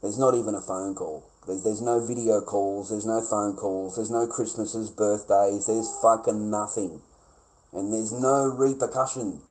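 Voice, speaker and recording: A man's voice: on the low side, fairly even intonation, a little slow, a little mellow, rough recording. A man ranting on a livestream, blunt, sweary and aggrieved, repeating his points. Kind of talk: casual livestream rant.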